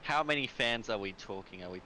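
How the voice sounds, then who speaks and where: A man commentating on a sim race, cheerful and quick with a joke. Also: lowish voice, expressive, background noise. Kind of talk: casual commentary banter.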